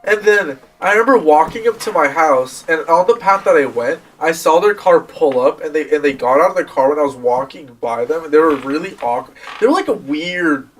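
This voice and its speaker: A young man chatting on a podcast, telling stories in a loose, rambling way and laughing as he goes. His voice is high and swings around a lot. He sits a little away from the mic, with faint music in the background. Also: lively intonation, a little fast, few pauses, far from the mic, slight background noise. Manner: rambling storyteller, laughs often. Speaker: podcast co-host. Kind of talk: casual chat.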